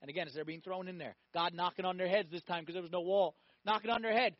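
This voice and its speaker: A man's voice: high voice, quick pace, hardly any pauses, dry recording, muffled recording. A man preaching a sermon, telling stories animatedly, acting out voices and asking the audience questions.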